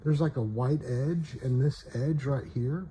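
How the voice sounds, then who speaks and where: A man speaks in an unhurried, mellow voice while he shows off cards at home. He keeps checking in with "okay?" and leaves sentences unfinished. A faint hiss sits behind him. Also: medium pitch. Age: adult parent. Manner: repeats "okay?" and trails off mid-sentence. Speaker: collector showing trading cards. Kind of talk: casual show-and-tell.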